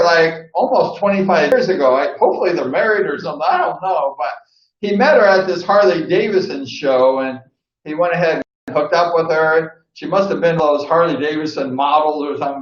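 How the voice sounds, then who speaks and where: A man tells loose, rambling stories in a casual vlog, leaning on fillers as he goes. His voice sits a little high. The recording is dull and lo-fi, with a roomy echo. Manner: rambling, heavy on fillers like "like" and "you know". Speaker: vlog host and former speedway rider. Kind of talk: casual storytelling. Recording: echoey dull lo-fi room.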